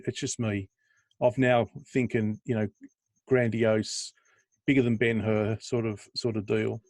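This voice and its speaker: A man's voice: medium pitch, a little mellow, dry recording. Chatty man, rambling, dry close sound. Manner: rambling, chatty, laughs often, restarts. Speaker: podcast co-host. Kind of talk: casual chat.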